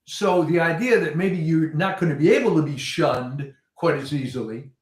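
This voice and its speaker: A man's voice: a little high, moderate pace, reverberant. A man speaking as a guest on a talk show, hesitant with many fillers. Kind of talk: casual conversation.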